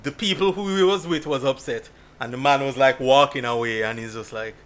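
A man from Jamaica, chatting casually and telling stories in an animated way, laughing often. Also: a little high, normal speed. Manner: animated storytelling with frequent laughs. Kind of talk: casual chat.

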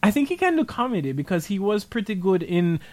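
A man co-hosting a casual movie podcast who laughs often and jumps in with quick remarks. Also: sits high, sing-song. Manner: laughs a lot, quick interjections. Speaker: podcast co-host.

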